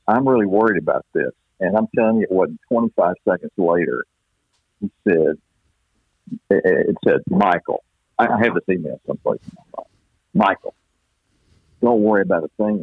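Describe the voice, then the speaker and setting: A man from East Texas, a baseball play-by-play announcer, telling stories in a folksy, unhurried way with many restarts, heard over a phone line. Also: sits low, gravelly, slightly rough, no room sound. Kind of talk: storytelling interview chat. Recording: dry tinny phone-line sound.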